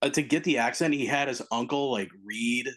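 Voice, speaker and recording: A man's voice: medium pitch, fairly quick, fairly bright tone. A man with a mid-range voice chats on a film podcast. He rambles with enthusiasm and stacks up hedges as he thinks aloud. His delivery is loose and friendly. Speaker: podcast co-host. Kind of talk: casual film podcast chat.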